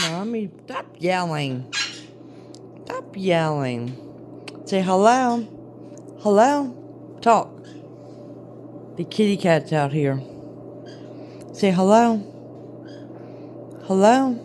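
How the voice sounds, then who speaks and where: A woman's voice: fairly low pitch, heavy background noise. A woman talking baby talk to her pet parrots at home, coaxing them to step up and speak to the camera. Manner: sing-song baby talk to pet birds. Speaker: channel host showing her parrots. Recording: loud parrot squawks behind.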